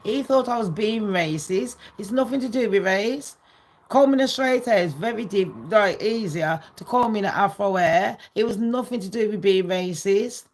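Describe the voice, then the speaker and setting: A woman's voice: medium pitch, moderate pace, darkish tone. A woman vlogging gossip in a ranting, sarcastic monologue full of swearing and scorn.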